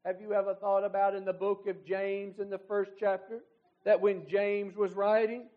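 Preacher, man, very high voice, fervent and pleading, tinny phone-quality recording. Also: little pitch movement, normal speed. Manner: fervent, pleading with rising emphasis. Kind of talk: sermon.

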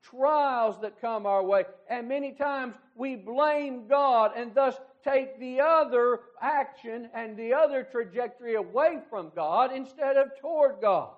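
A man's voice: very high voice, unhurried, few pauses. A man preaching a fervent sermon, pleading with his listeners and building to emphatic appeals. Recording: tinny phone-like recording.

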